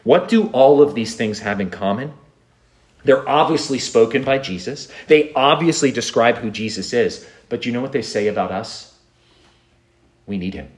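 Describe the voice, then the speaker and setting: A man's voice: medium pitch, expressive, moderate pace. A man preaching a sermon, earnest, with rhetorical questions and repeated refrains. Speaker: pastor. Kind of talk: expository sermon.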